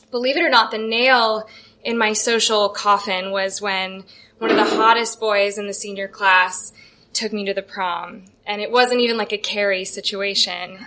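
Bright-voiced woman telling a wry story. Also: mid-range voice. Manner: wry, self-deprecating storytelling. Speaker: guest storyteller. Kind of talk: live comedic personal storytelling. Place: live show venue.

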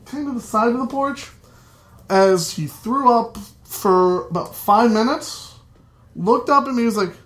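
A young man tells a family story live, chatty and quick to laugh at his own lines. He takes his time, with long unhurried stretches between his points. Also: very high voice, fairly bright tone.

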